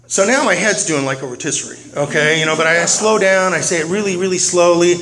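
A man tells a funny story about himself to a recovery meeting, talking quickly in a slightly high voice. The recording carries a clear hiss of noise throughout. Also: poor audio. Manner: humorous, self-deprecating, animated. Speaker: speaker sharing at a recovery meeting.

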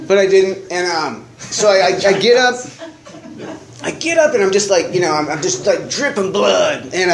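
Man, high voice, rambling animated storytelling, roomy echoey sound, faint background noise. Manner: rambling, animated, lots of fillers and laughs. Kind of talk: casual storytelling.

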